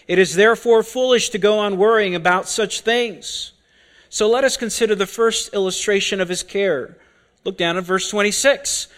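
A man preaching an expository sermon, deliberate and full of rhetorical questions. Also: high-pitched, fairly bright tone.

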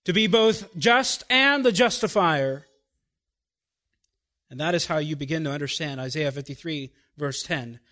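A pastor preaching a sermon, putting emphatic rhetorical questions to his congregation and dropping to quiet, slow phrases before building again. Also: a little high.

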